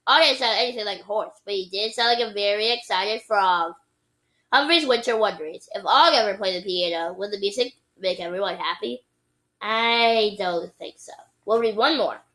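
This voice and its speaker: A woman's voice: medium pitch, moderate pace, bright, forceful tone, low-quality recording. A woman reading a children's book aloud expressively, with playful sound effects and occasional slips. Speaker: reader.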